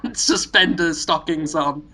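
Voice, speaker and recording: A man's voice: a little high, unhurried, bright, forceful tone. A man co-hosting a podcast, telling silly playful stories with lots of laughter. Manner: playful, silly, giggly storyteller. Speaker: podcast co-host. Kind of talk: casual chat.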